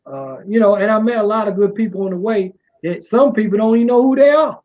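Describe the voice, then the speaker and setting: A man's voice: expressive, fast talker. A middle-aged man from Washington, D.C., a music promoter, talking in a casual, rambling way with a slight drawl. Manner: rambling, repeats fillers, drawling. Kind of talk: casual interview. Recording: muffled low-fidelity sound.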